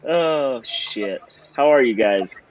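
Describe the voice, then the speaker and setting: A man's voice: medium pitch, lively intonation, slow, dull audio. A man co-hosting a casual podcast with a dry, teasing manner. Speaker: podcast co-host. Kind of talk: casual chat.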